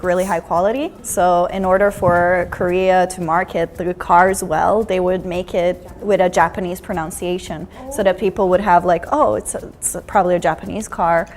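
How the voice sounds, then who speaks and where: Woman explaining a backstory. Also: medium pitch. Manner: storytelling, explains background. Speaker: panelist. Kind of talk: casual group chat.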